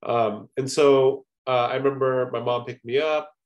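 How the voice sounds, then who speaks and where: A man's voice: medium pitch, steady tone, a little slow, lo-fi sound. A man giving a conversational sermon, earnest and personal, often adding "you know" as he talks. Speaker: preacher.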